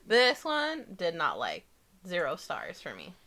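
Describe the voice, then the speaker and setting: A woman's voice: fairly low pitch, huge pitch swings, a little slow, pushed and bright. A woman co-hosting a review podcast in casual chat, blunt and emphatic, full of fillers. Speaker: podcast co-host.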